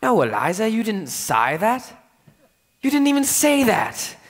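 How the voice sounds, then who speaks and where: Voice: medium pitch, huge pitch swings, a little slow. A fussy, exasperated male professor, played by a performer in a school stage musical. His lecturing voice swoops up and down as he drills his pupil over and over. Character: Professor Higgins, a fussy, impatient male phonetics professor. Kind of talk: live stage musical acting.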